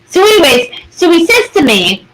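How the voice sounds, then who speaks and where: Animated woman telling a wild story. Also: very high-pitched, normal speed, a crowd in the background. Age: 40s. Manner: animated, swearing, acts out voices in her stories. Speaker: podcast co-host. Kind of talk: casual storytelling chat. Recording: noisy room.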